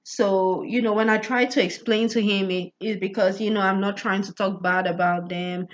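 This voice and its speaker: A woman's voice: medium pitch, fairly even intonation, normal speed. Chatty woman vlogger, muffled audio. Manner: keeps asking "you get what I'm saying?", often laughs; stammers and restarts words. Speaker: astrology vlogger. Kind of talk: casual personal storytelling monologue.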